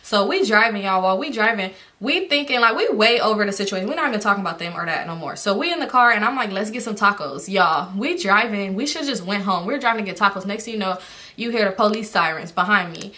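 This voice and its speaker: Fast-talking woman with a bright voice. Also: mid-range voice. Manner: animated, profane, quotes friends in her own voice. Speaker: storyteller. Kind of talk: casual storytime monologue.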